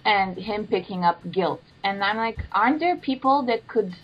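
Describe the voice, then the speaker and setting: A woman's voice: mid-range voice, lively intonation, moderate pace. A sarcastic woman co-hosting a podcast, dropping swear words and laughing at her own jabs. Her audio sounds a bit dull and lo-fi, with faint music underneath. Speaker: podcast co-host. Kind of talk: casual chat.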